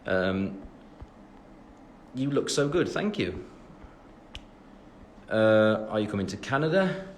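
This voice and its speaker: A mid-range male voice with a little hiss or hum comes from a twenty-something Englishman chatting on a phone livestream. He responds to fan comments in a rambling, filler-heavy way, making self-deprecating jokes.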